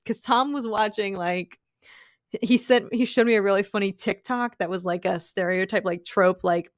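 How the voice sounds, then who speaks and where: Thanking viewers with gushing enthusiasm, a young woman rambles through her casual live stream, leaning on fillers and laughing a lot. She has a medium-pitched voice, and the studio-quality audio carries no echo.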